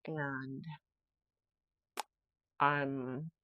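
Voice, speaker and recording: Low-voiced woman chatting on a podcast. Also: level tone, extremely slow, no room sound, narrow, tinny audio. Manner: rambling, chatty, self-reflective. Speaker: podcast host. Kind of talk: casual solo podcast chat.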